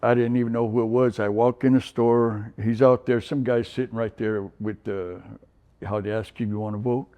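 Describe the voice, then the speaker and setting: A man's voice: medium pitch, fairly even intonation, moderate pace, warm tone. A man in his sixties from San Diego, giving a personal testimonial in an interview, talking in a rambling way with many fillers and restarts. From San Diego, California. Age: 60s. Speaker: recovery program resident.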